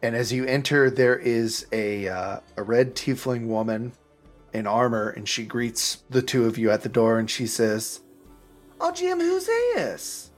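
A man narrating a tabletop game as game master, relaxed and a bit hesitant, with frequent restarts. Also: mid-range voice, moderate pace, soft background music.

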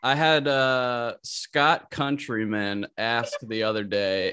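A man's voice: mid-range voice, slow pace, bright, forceful tone, clean tone. A man hosting a podcast in casual chat, rambling and often restarting his sentences. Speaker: podcast host.

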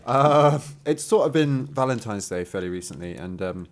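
A man's voice: mid-range voice, lively intonation, normal speed. Laughing, teasing man. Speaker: podcast co-host. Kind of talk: casual chat.

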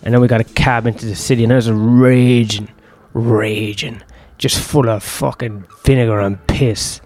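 A man's voice: mid-range voice, fairly even intonation, normal speed, a little mellow. A man, telling a long personal story in a rambling, profane, self-deprecating way. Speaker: host.

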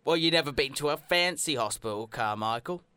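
A man's voice: medium pitch, expressive, fairly quick, bright, forceful tone, clear, resonant tone, no room sound, studio quality. A man voicing a pompous, condescending doorman at a fancy hospital, in a put-on British accent. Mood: snooty. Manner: snooty, condescending.

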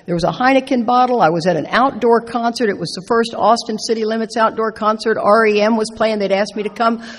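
A middle-aged woman speaking at a recovery meeting, telling stories with playful, animated asides. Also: a little high, brisk, a little hiss or hum. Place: large meeting hall. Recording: echoey hall with long reverb.

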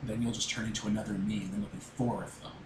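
A man's voice: fairly low pitch, flat delivery, racing, lightly acted. A man voicing a bitter, accusing ghost. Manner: curt, accusing retorts. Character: bitter angry male ghost, mute, resentful. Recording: roomy echo, noisy background.

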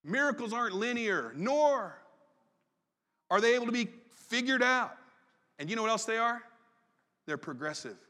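Bright-voiced preacher in a hall. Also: male voice, very high-pitched, big pitch swings. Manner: folksy, conversational preaching with quick asides. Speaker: pastor. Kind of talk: sermon. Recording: long reverb in a large hall.

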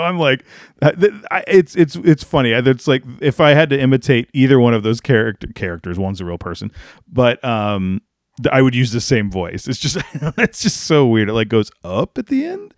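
A podcast co-host chats casually, rambling with plenty of fillers and restarts. His medium-pitched voice is animated and brisk, captured with clean studio sound and no room noise.

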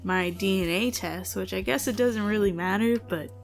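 A woman co-hosting a podcast in casual chat, excitable and giggly, swearing often. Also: mid-range voice, normal speed, faint music behind. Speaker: podcast co-host.

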